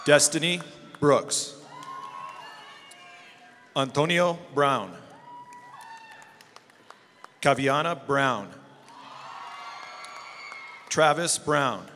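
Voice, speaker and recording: Man reading names slowly in a big hall. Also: on the high side. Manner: slow, steady name calling. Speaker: name reader at a graduation. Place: large hall at a school graduation. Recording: echoey hall with crowd noise.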